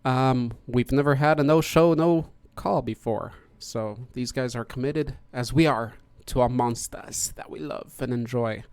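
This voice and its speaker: A man's voice: mid-range voice, clean tone, no echo. A man hosting a podcast, chatting casually and greeting each guest in turn. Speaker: podcast host. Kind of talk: casual hosted chat.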